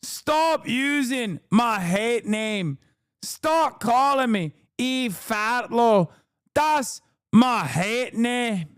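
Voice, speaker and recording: A man doing a mocking impression of an indignant middle-aged woman pundit, speaking slowly and drawing out every outraged phrase. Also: extremely high pitch, expressive, fairly bright tone, clear, resonant tone, no echo, studio quality, voice pushed up, exaggerated voice. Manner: slow, drawn-out, outraged. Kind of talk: mocking impression during stream.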